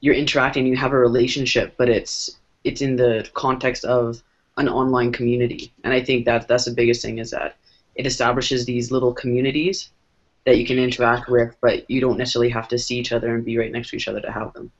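A man's voice: medium pitch, level tone, quick pace. A man speaking as a guest in a casual panel chat, thoughtful and rambling, with many restarts. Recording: dull lo-fi sound.

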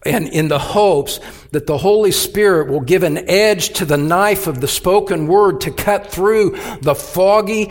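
A man preaching a sermon as pastor, earnest and urgent, pressing each point with emphasis. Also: high voice.

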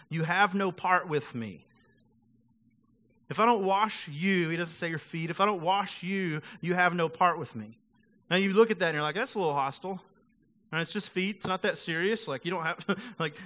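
Male pastor, casual sermon delivery, bright tone, slightly high pitch. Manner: casual, conversational preaching, acts out quoted voices.

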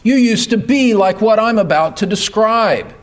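A man preaching a sermon from a church pulpit, emphatic and building to loud rhetorical questions. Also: high-pitched, lively intonation, moderate pace. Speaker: pastor.

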